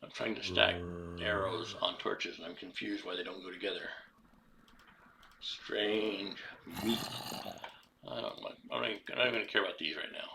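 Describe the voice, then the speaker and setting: A man's voice: low voice, normal speed, vocal fry, pauses often, background noise. A man streaming a video game live, chatting casually as he talks through each move and greets his viewers by name. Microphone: desktop streaming mic.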